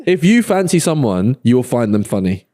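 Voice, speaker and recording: A man's voice: medium pitch, sing-song, normal speed, dark tone. A man, chatting as a podcast guest, laughing often and acting out lines he quotes. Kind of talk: casual chat.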